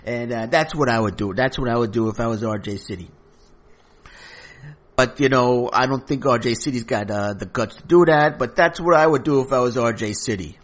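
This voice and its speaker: A man voicing a loud, foul-mouthed, violent male mobster who swears constantly and talks pushy and brash. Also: mid-range voice, brisk, close to an everyday voice. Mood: brash, aggressive.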